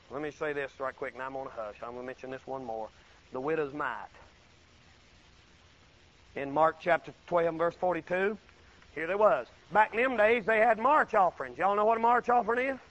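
A man preaching a folksy sermon, swinging from loud exclaiming to low murmured asides. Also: moderate pace, long pauses, lo-fi sound, slight background noise.

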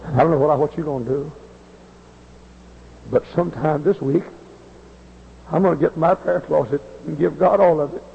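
Raspy, hollering revival preacher man. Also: fairly high pitch, fairly even intonation, moderate pace, pauses often, long reverb tail. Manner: hollering, impassioned storytelling. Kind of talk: revival sermon. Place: before a large congregation. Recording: muffled lo-fi recording.

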